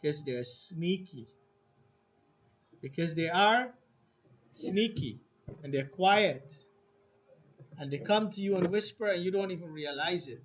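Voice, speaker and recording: A man's voice: high-pitched, animated. A man teaching an Arabic lesson to a class, asking questions and having students repeat words after him. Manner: slow, asks students questions and has them repeat words. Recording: dull lo-fi classroom recording with faint noise.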